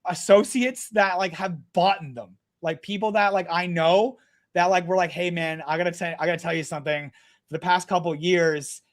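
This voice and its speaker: A man talking as a podcast guest, telling stories in a blunt, animated way with plenty of swearing. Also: sits high, normal speed. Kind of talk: casual storytelling chat.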